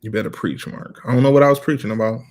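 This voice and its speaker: A man co-hosting a relaxed live chat who tells stories with real energy. He rants in a joking way and slips into a higher voice to imitate his wife. His pitch sits in the middle range. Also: quick pace. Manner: animated storyteller, imitates his wife in a raised voice; joking, ranting, bantering. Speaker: co-host of a couple's channel.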